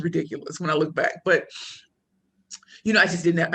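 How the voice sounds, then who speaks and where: A woman's voice: fairly low pitch, fairly quick, slight background noise. A woman talks as a podcast guest. She tells her story casually and with spirit, full of slang, and she acts out the people she quotes in their own voices. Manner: animated, slangy, quoting others in voices. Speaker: podcast guest, pitch coach and speaker.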